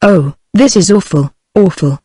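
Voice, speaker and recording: A woman's voice: lowish voice, measured pace, warm tone, husky, no echo. A text-to-speech female voice with a British English accent reading the lines of an anxious young married woman who pleads earnestly. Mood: pleading. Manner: earnest and imploring.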